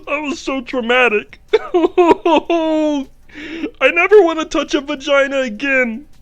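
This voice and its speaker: A man doing a parody impression of a male professor climaxing, with high moans and shouts. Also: slow, exaggerated voice. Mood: ecstatic. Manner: high moaning, shouted gasps.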